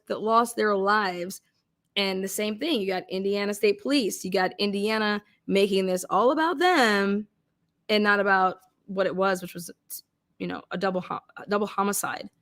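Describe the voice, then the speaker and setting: A woman hosting a true crime livestream, ranting casually and loudly with a lot of swearing. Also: medium pitch, normal speed. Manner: rowdy, swearing, animated. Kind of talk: casual profane livestream rant.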